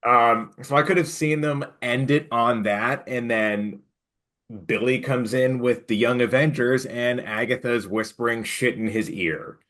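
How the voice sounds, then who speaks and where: A man co-hosting a podcast, chatting casually and getting animated when retelling his reactions. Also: unhurried. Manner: animated retelling, pitch jumps when quoting himself. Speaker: podcast co-host. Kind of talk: casual chat.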